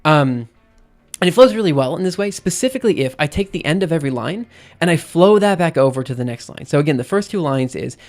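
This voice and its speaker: A man's voice: a little high, lively intonation, quick pace, soft background music. A man live-streaming in casual chat, rambling and self-interrupting, often checking in with "right?" between thoughts.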